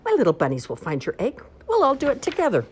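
A woman voicing a kind, reassuring mother rabbit in a read-aloud storybook, speaking briskly and encouragingly. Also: fairly high pitch, huge pitch swings, slight background noise, pitched above the performer's own voice.

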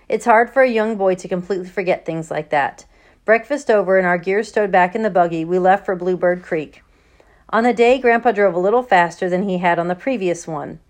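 A woman narrates a storybook chapter in a steady, unhurried way. Her voice sits at an ordinary middle pitch, neither high nor low. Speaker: audiobook narrator.

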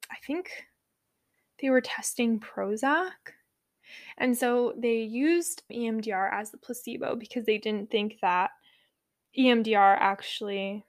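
A woman's voice: mid-range voice, creaky, fairly bright tone. A young woman hosting a podcast in a casual monologue, talking candidly with lots of "like", swearing easily and correcting herself as she goes. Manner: chatty, heavy use of "like", candid and swears casually; self-correcting, laughs at own slips. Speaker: podcast host.

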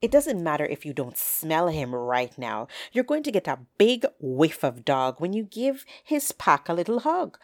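A woman voicing a wary, sharp-witted old hen who speaks in a dry, skeptical, teasing way. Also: sits low, very animated, moderate pace, hardly any pauses, no room sound.

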